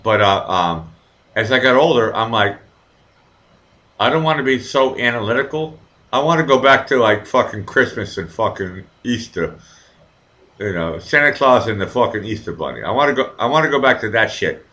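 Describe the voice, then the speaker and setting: Animated, profane man chatting live. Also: medium pitch, normal speed, poor audio. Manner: rambling, profane, animated storytelling. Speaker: show host. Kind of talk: casual live chat.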